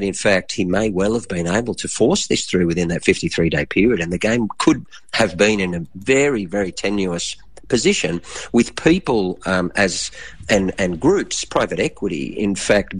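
Aussie guy sports analyst, deep husky voice, earnest, lots of ums. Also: no echo. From Australia. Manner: earnest, halting with fillers. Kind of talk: interview answer.

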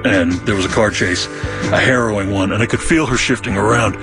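A man narrating a personal story in the first person, candid and wry with deadpan humor. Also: lowish voice, a little fast, over music. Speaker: memoir narrator.

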